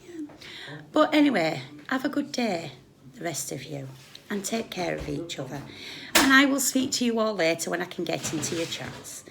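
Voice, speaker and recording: A British woman ranting on a live stream, blunt and sarcastic, scolding someone by turns loudly and under her breath. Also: on the low side, very animated, moderate pace, vocal fry, background noise. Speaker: YouTube commentator.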